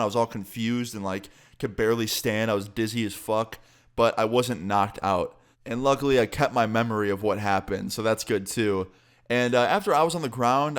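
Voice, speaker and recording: A man's voice: medium pitch, smooth. A man telling a story casually as a vlogger, swearing freely in a laid-back way.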